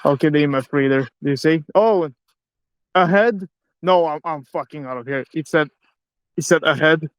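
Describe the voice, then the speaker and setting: A man's voice: a little high, normal speed, clear, resonant tone, no room sound. A man on a live ghost-hunting stream, swearing nervously and questioning a spirit box in an old abandoned house. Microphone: handheld phone on a live stream.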